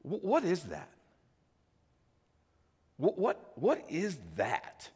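A man preaching a sermon as pastor, telling a story and building to loud, emphatic peaks. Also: a little high, huge pitch swings, drawn-out words, husky, big-room sound.

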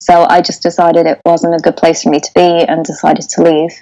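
An Irish woman in her thirties chats as an interview guest in a fairly low voice. She talks in loose, rambling sentences, restarting often. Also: little pitch movement, a little fast, creaky, mellow, lo-fi sound. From Ireland. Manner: chatty, with frequent restarts and laughter. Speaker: sound engineer, interview guest. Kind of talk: casual interview.

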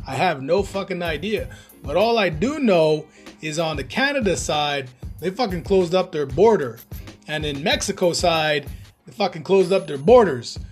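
Profane, rambling man ranting casually. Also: on the high side. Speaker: vlogger, channel host. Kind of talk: casual rant to camera.

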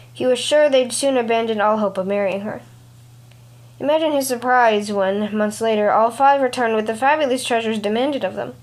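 A woman narrates a folk tale for her storytelling podcast in a measured, expressive reading. Her voice sits a little high.

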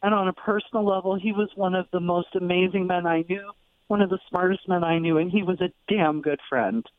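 A man's voice: high-pitched, fairly even intonation, brisk, no room sound. Emotional male caller on a phone line. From Washington state. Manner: heartfelt, emotional. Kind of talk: phone-in call. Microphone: telephone.

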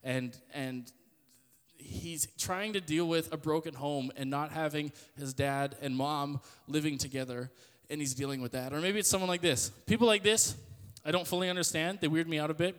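High-pitched young guy preaching to a youth group, loud and jokey, big hall echo. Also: steady tone, normal speed, clean tone. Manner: loud, joking, self-deprecating storyteller. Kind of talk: sermon talk to a youth audience. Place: church hall with an audience. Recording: long hall reverb.

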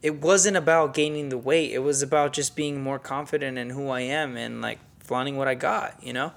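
A young man talks loosely on a podcast, his voice sitting in an ordinary middle pitch. He is laid-back and slangy, and he swears freely as he chats. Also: steady tone, moderate pace, gravelly, a bit bright. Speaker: podcast co-host. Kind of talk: casual chat.

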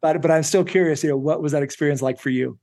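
Guy hosting a podcast, kinda high voice, curious, lots of wow and oof reactions. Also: fast, dark tone. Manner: curious, reacts with frequent exclamations. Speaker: podcast host. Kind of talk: casual interview chat.

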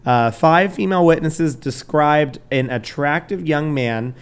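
A man's voice: on the high side, measured pace, clear, resonant tone. Casual, cursing male podcast host. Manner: loose, swearing, stumbles over names, laughs a lot. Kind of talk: casual true crime chat.

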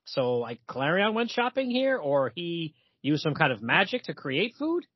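A man's voice: a little high, very animated, a little slow, husky, no echo, muffled recording. A man co-hosting a podcast in casual chat, reading comic dialogue aloud and laughing. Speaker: podcast co-host. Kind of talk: casual comic book discussion.

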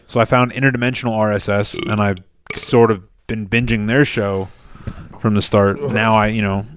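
A man co-hosting a casual podcast, swearing freely and breaking into excited quoted bits from a show. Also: fairly low pitch, a little hiss or hum. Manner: profane, quick bursts into animated quoted impressions. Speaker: podcast co-host. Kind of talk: casual chat.

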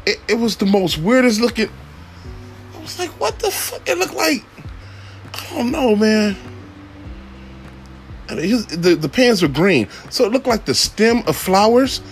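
A man, a father and rideshare driver, telling a profane comic story, shouting high then muttering low. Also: sing-song, measured pace, pauses often, faint music behind. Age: adult father.

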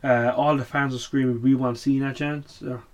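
A man's voice: medium pitch, level tone, moderate pace. A man hosting a casual show recap, blunt and opinionated, swearing often and full of fillers. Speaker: wrestling podcast host.

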